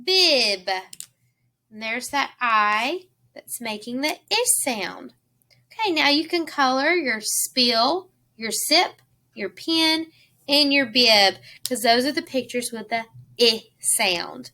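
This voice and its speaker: A woman teaching a phonics lesson to young children, slowly sounding out letters and words and asking simple questions. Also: on the high side, animated, pushed and bright. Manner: asks the listener simple questions.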